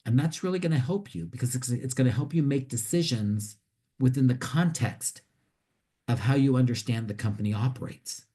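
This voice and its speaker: A career coach gives students conversational advice in a medium-pitched, dark voice with a breathy edge, speaking at normal speed. As he explains, he frequently restarts and repeats words.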